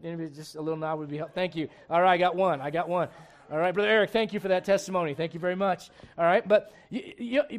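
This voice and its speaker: A man preaching a sermon in church, animated and digressive, with frequent asides to the congregation. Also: sits high. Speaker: pastor. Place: church sanctuary.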